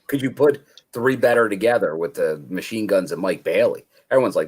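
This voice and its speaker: A man's voice: on the low side, lively intonation, a little fast, few pauses, husky. A man co-hosting a casual wrestling podcast, teasing his co-host playfully. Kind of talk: casual wrestling review chat.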